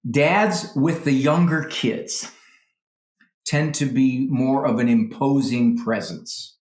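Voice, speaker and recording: A man, a psychologist guest, gives animated parenting advice and often acts out parents and children in quick voices. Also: medium pitch, roomy sound.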